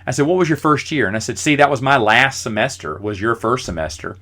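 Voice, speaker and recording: A man's voice: mid-range voice, fast talker. A middle-aged man hosting his own podcast, telling college stories casually and acting out the other people's lines as he goes. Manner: animated, acts out quoted voices. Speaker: podcast host. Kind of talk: casual storytelling monologue.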